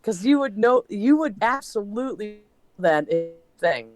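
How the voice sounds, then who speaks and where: A woman's voice: medium pitch, expressive, moderate pace, a little mellow. A woman guest on a stream, chatting casually in a tentative, self-deprecating way. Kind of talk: casual chat.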